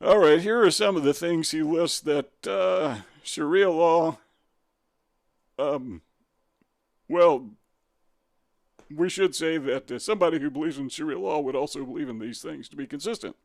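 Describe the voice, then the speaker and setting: A man's voice: a little high, measured pace, gravelly, long pauses, no room sound, clean studio sound. Sarcastic, combative male commentator. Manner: sarcastic, combative, asks rhetorical questions. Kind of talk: opinion commentary reading from a web page.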